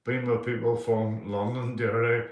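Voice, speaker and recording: This Northern Irish livestream host, about fifty-five, speaks a little slowly at medium pitch with little pitch movement. Reading comments in casual live chat, he rambles, swears and repeats himself. The audio is muffled, reverberant and recorded from afar.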